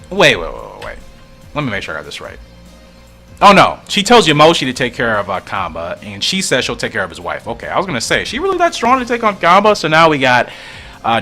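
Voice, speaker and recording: A man's voice: medium pitch, pushed and bright. A man reading a fan comic aloud and thinking aloud in a musing, often puzzled way. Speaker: comic reader and reactor.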